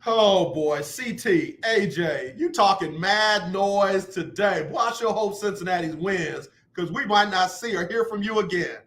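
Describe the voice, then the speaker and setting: A man hosting a sports talk radio show, teasing callers and trash-talking loudly. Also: high voice, unhurried, few pauses.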